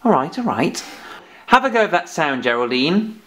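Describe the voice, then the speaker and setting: A man's voice: fairly high pitch, sing-song, normal speed. A man teaching phonics to children, patiently and playfully telling off a puppet giraffe as he goes. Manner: gently scolding, patient, playful.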